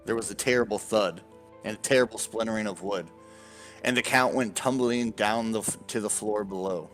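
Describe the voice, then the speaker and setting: A man narrating a tabletop game as game master, animated and casual, swearing freely. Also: fairly low pitch, normal speed, soft background music.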